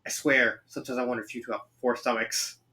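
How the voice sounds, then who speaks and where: A man's voice: mid-range voice, level tone, fast talker, pushed and bright, pitched below the performer's own voice, close to an everyday voice. A man voicing a dry, brainy cartoon sleuth girl. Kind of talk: fan fiction reading.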